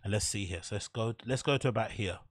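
A man's voice: on the low side, fast, dry recording. A man with an English accent giving casual, blunt, profane commentary as a video reviewer. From England. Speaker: YouTube reviewer.

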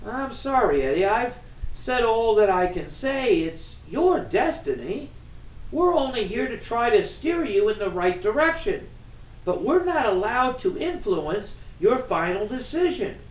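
A man's voice: high-pitched, big pitch swings, unhurried, reverberant, poor audio. Man doing a humble, earnest ballplayer ghost.

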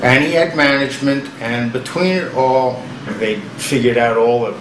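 A middle-aged man in a documentary interview, telling rowdy band stories in an animated, profane way and acting out what people said. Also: medium pitch, normal speed, noisy background. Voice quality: profane, animated storyteller who acts out quotes with laughs. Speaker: former bandmate interviewed for a documentary. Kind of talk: casual storytelling interview.

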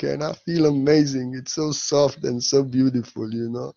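A man's voice: mid-range voice, normal speed, gravelly, few pauses, a little mellow, muffled recording. A man giving an earnest spiritual talk in a vlog, repeating key phrases for emphasis. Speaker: spiritual teacher.

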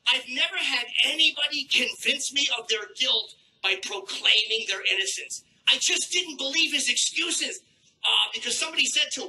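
A man doing a crude, sardonic stand-up set on a stage with a handheld mic, clearing a troubled throat now and then. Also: extremely high pitch, lively intonation, moderate pace, pushed and bright, poor audio. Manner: crude, brash and sardonic, with acted-out asides. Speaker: stand-up comedian. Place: comedy club stage.

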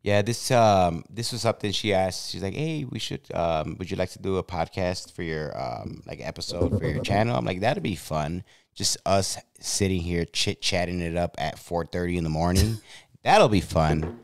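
A man's voice: low voice, moderate pace, no echo, clean studio sound. A man hosting a casual late-night podcast chat, laid-back and chuckling. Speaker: podcast host.

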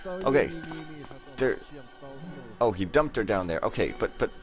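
A man's voice: fairly low pitch, expressive, a little slow. A man giving rambling, jokey, panicky commentary while playing a video game. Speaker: let's play commentator. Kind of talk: excitable gameplay commentary. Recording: loud game music behind.

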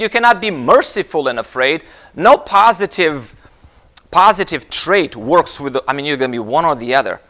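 Bright-voiced man preaching a sermon. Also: moderate pace. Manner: storytelling with jokes, animated rises in pitch. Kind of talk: sermon with humorous stories.

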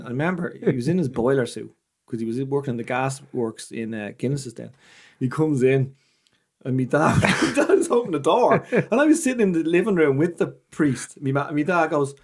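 A man's voice: mid-range voice, fairly quick. A man with an Irish accent, a comedian telling swearing, comic stories in casual chat. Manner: animated, swearing, comic storyteller. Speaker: comedian guest.

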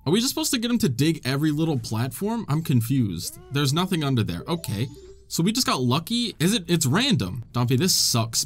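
A man giving excitable, joking gameplay commentary, laughing often and talking to the characters on screen. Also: a little high. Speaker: gamer.

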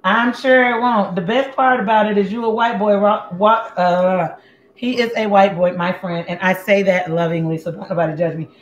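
A woman's voice: mid-range voice, fairly even intonation, normal speed, muffled recording. A woman hosts a casual cooking livestream from her home kitchen, talking to viewers in a blunt, sassy, chatty way. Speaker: cooking show host. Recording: echoey room with faint background noise.

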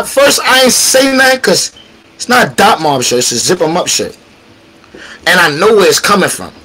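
A man's voice: sits high, bright, forceful tone, breathy edge, poor audio. A man telling a street story with slang, acting out quotes and sound effects. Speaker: battle rapper telling a story. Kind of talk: animated storytelling.

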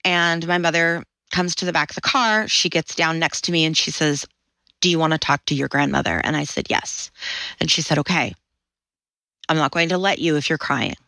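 A woman's voice: deep voice, brisk, sharp tone, dry recording, rough recording. A woman in her forties, a podcast guest, vividly telling a personal story and acting out the voices she quotes. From Washington State, USA.

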